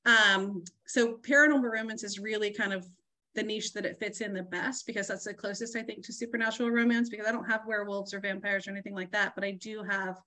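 A woman with a bright, crisp voice at a mid pitch explains her book in a relaxed chat. She thinks out loud and hesitates often, filling her pauses. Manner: thoughtful, hesitant, many fillers. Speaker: author guest. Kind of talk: casual chat.

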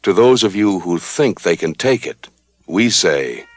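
A man voicing a sinister male horror-show announcer, slow and ominous. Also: animated, no room sound. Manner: slow, ominous, booming delivery.

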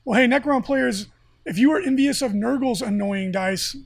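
High-pitched husky man ranting. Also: moderate pace, no echo, clean studio sound. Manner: excitable, joking, rants. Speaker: podcast co-host. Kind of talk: casual hobby chat.

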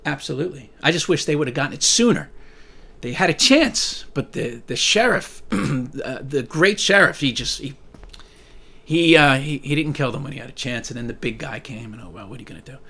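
A man talking casually to his viewers, reading their messages aloud and rambling, with frequent swearing and sudden loud rants. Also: medium pitch, lively intonation, fairly quick, creaky, breathy edge. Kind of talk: casual profane monologue.

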